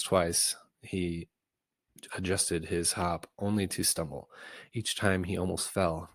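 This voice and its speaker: Deep-voiced man reading a children's book aloud. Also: dry recording. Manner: goofy, casual, with small slips and self-corrections. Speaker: book reader.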